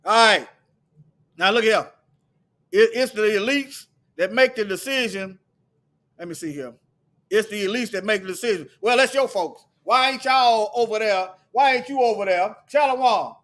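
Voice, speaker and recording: A man delivering a heated, preachy monologue to his viewers, firing off repeated rhetorical questions and sometimes shouting. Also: high-pitched, moderate pace. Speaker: video commentator.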